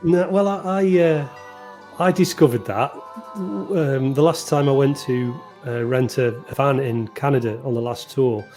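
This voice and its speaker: A man's voice: mid-range voice, a little slow, mellow, faint music behind. A middle-aged English man, a guest musician, telling stories in a chatty, self-deprecating way during a casual interview. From England. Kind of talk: casual video-call chat.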